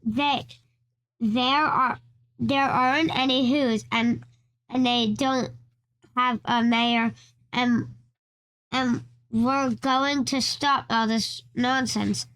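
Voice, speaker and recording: A woman's voice: a little high, fairly even intonation, very slow, pauses often, fairly bright tone, clean tone, poor audio. A woman voicing mocking, rowdy male jungle monkeys in a read-aloud storybook, with scorn. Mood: scornful.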